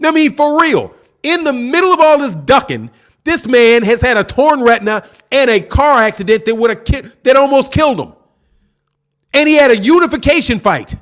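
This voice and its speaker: A man's voice: very high voice, fairly bright tone. A man hosting a boxing channel, arguing heatedly in an opinion rant, profane and repeating his points for emphasis.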